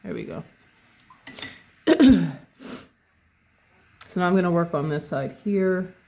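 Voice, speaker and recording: Gravelly, mellow-voiced painting teacher. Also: mid-range voice. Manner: unhurried, thinking aloud step by step. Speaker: painting instructor. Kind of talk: narrated painting tutorial.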